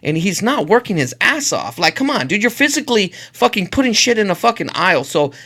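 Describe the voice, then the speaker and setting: A man's voice: high-pitched, sing-song, a little fast, bright, forceful tone. A middle-aged man co-hosting a podcast, telling stories in casual, profane, emphatic chat. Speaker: podcast co-host.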